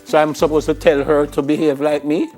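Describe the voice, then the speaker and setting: A man's voice: a little high, level tone, a little fast, a little mellow, soft background music. A man with a Jamaican accent co-hosting a TV show, trading playful, protesting banter and laughing. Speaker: TV morning show co-host.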